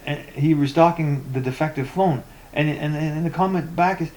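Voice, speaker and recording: A man's voice: a little high, fairly even intonation, moderate pace, hardly any pauses, a little mellow, a little hiss or hum. A man ranting in a vlog about poor tech support, reading forum posts aloud with sarcastic, exasperated comments and many stammered repetitions. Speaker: tech vlogger.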